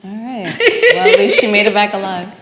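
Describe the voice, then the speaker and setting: A woman's voice: medium pitch, very animated, a little fast, fairly bright tone. A woman guest on a podcast, chatting casually in a slangy, laughing way. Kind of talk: casual chat. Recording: echoey room, faint noise.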